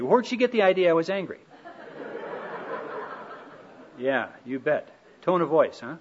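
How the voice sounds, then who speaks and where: A middle-aged man giving a relaxed, folksy talk on marriage, telling stories with gentle humor. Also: a little high, moderate pace, long pauses. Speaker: speaker on marriage. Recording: dull lo-fi recording.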